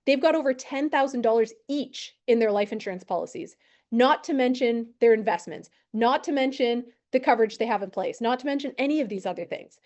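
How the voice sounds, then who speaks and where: A woman in her thirties who trains insurance agents, telling a lively story with acted-out quotes. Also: on the high side, fairly quick. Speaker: insurance and financial advisor training new agents. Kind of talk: storytelling talk to a team.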